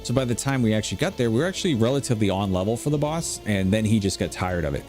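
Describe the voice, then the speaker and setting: A man's voice: lowish voice, lively intonation, very fast, darkish tone. A middle-aged man chatting casually while playing a game, rambling through anecdotes with lots of fillers. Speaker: gameplay streamer. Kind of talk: casual gameplay commentary. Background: faint background music.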